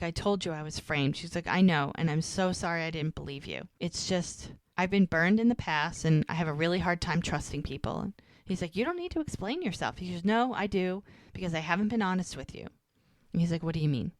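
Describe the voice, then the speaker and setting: Woman podcast co-host, lowish voice, dry close sound, chatty scene retelling with quoted dialogue. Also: no echo. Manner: retells scenes quoting characters in lightly acted voices. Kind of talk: casual recap of a TV episode.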